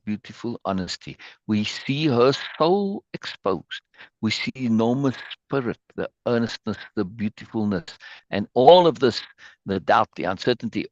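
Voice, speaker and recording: A man's voice: medium pitch, no echo, lo-fi sound. A man leading an online meeting, emotionally praising a poem and reading it aloud, repeating words as he goes. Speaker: spiritual group leader. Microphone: video call.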